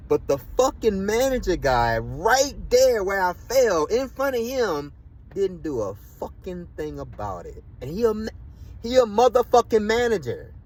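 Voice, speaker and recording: In pain from a fall, a man rants indignantly to camera in a vlog, swearing often and repeating and restarting his sentences. His voice is high-pitched with a darkish tone, and the recording quality is low.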